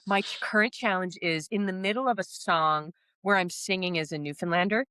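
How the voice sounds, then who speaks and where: A woman actor chatting casually in an interview, animated and laughing often as she quotes herself. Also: on the low side, brisk, smooth, dry recording, studio quality. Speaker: actor in a stage musical.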